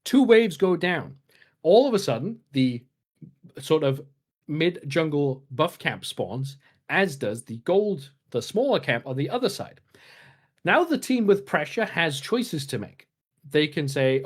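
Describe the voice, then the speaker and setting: A man's voice: on the high side, very animated, a little slow, husky. Guy on a gaming podcast, talks strategy, lots of "right?" and restarts. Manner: explains at length, many filler restarts. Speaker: podcast co-host. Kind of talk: casual gaming podcast chat.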